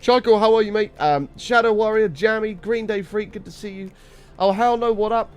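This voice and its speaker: A young man hosting a casual gaming live stream, greeting viewers by name and chatting with excitable bursts, his voice slightly rough. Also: sits high, moderate pace, dull audio.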